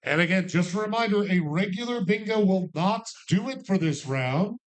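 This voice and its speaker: A man calling bingo numbers with playful rhymes and jokes, repeating each number slowly. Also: sits high, animated. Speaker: bingo caller.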